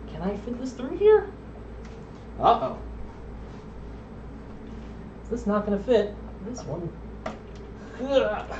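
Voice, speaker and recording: A young man with a high-sitting, darkish voice chats casually while streaming a computer build from home. He rambles with frequent ums and drifts off the mic, and the lo-fi stream audio sounds dull with faint noise.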